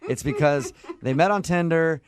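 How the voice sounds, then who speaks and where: A man hosting a morning radio show, telling stories with animated jokes and playful put-on voices. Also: a little high, normal speed, slight background noise. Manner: jokey, animated storytelling with silly put-on voices.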